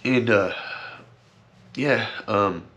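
A man's voice: on the low side, drawn-out words, fairly bright tone, dull audio. A young man talking casually to his camera, rambling and earnest, with many fillers and repeated thanks, and teary at times. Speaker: vlogger. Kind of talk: casual heartfelt vlog talk.

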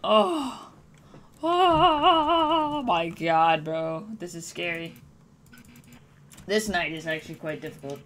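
A woman's voice: lowish voice, lively intonation, slow pace, long pauses, a bit bright, a little hiss or hum. An Irish woman streaming a horror game in casual commentary, jumpy and swearing when startled. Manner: jumpy, swears and yelps at scares.

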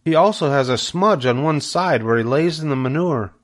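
A man's voice: fairly high pitch, expressive, normal speed, voice pushed up, natural voice. A man voicing a determined farm wife in a storybook, firm and matter-of-fact in a raised voice.

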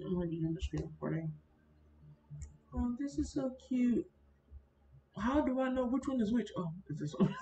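A woman's voice: mid-range voice, mellow. A young woman talking casually through a screen-recorded gaming vlog, chatty and complaining, constantly speaking to her viewers as y'all. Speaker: Sims content creator. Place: indoors at a computer. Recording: roomy, dull built-in mic with faint fan noise.

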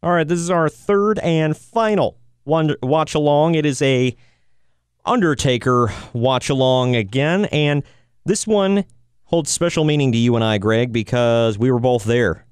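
Lively, jokey man podcasting. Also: mid-range voice, a little slow, clear, resonant tone, no echo, studio quality. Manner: jokey, laughs often, excitable. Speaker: podcast co-host. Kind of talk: casual wrestling podcast chat.

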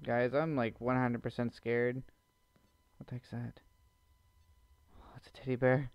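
Playing a horror maze game, a man gives jumpy let's-play commentary to his viewers, cracking nervous jokes about being scared. His mid-range voice is flat and measured, with no echo, captured on a dull lo-fi mic.

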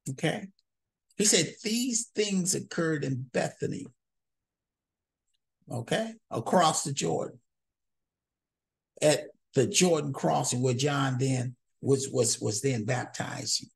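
A male Bible teacher works through scripture verse by verse in a loose, conversational style, often checking in with his listeners. His voice sits a little high, with a gravelly, husky grain. He repeats and restarts words as he talks. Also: animated, moderate pace.

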